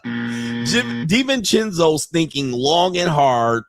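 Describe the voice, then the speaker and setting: A man's voice: fairly high pitch, animated, takes it slowly, a little hiss or hum. A man hosting a reaction video, giving brash, crude commentary and mocking the people he watches. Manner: brash, laughing, mock-quoting others.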